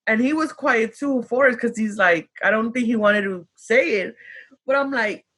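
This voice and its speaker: A woman's voice: fairly high pitch, moderate pace, fairly bright tone, breathy edge. A woman co-hosting a podcast, telling a story in casual chat and switching between English and Spanish. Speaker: podcast co-host.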